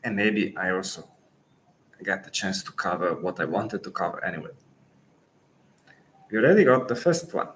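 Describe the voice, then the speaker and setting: A man with an Italian accent, a native Italian speaker coaching Italian in a live Q&A lesson, pausing thoughtfully and restarting phrases. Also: sits low, lively intonation, a bit bright, a little hiss or hum, poor audio.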